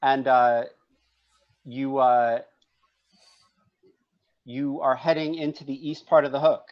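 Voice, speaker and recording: A man runs a tabletop game, narrating scenes in a halting, searching way. His voice sits at an ordinary pitch. The recording sounds a little dull and lo-fi. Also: level tone. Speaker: game master.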